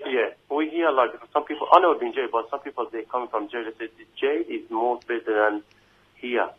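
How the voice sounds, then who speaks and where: A man whose first language is not English, speaking in a halting, emotional way on a phone interview, with many restarts and repeated "you know what I mean". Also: medium pitch, breathy edge. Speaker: immigration detainee giving an interview. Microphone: phone call. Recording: tinny phone line.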